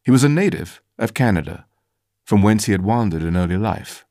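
A man reads a first-person audiobook in a measured, formal manner. His voice sits low, and his intonation moves a great deal from phrase to phrase. The recording is dry and close, with no room echo. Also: lively intonation, mellow. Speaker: audiobook narrator.

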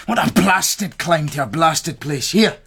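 A sneering Scottish soldier. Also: male voice, fairly high pitch, lively intonation, measured pace, fairly bright tone, slightly rough, full character voice. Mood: contemptuous. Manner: sneering, crude and domineering. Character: coarse, bullying soldier husband home on leave. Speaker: soldier home on leave.

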